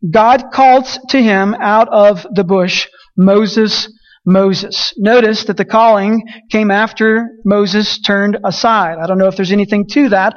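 A man's voice: high-pitched, steady tone, moderate pace, hardly any pauses, muffled recording. A man preaching an earnest sermon, reading scripture aloud and repeating phrases as he corrects himself.

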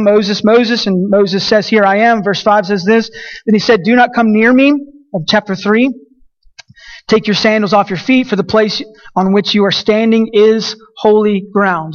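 A man's voice: sits high, dull audio. A man preaching a sermon as pastor, emphatic and repetitive, with frequent restarts.

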